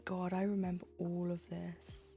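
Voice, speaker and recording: A young woman tells meandering school stories in a relaxed, casual chat as she stitches on stream. Her voice is mellow and dark with a gravelly edge. Soft music plays faintly behind her. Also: on the low side, unhurried. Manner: rambling storytelling with laughs and self-quoting. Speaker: livestreamer stitching cross-stitch. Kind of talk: casual chat while crafting.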